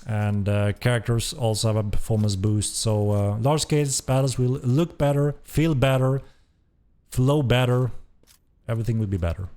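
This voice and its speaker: A man's voice: mid-range voice, normal speed, mellow. A man hosting a game developer stream, giving enthusiastic live commentary as he plays and repeating his praise. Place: at a computer playing the game.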